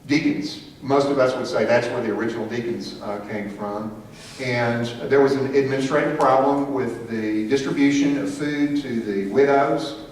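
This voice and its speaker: A man's voice: medium pitch, fairly even intonation, moderate pace, a little mellow. Man teaching a church class, echoey. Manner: asks the class questions, calls on people by name. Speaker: Sunday school teacher. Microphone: room mic from a distance. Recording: echoey room from far off, faint hiss.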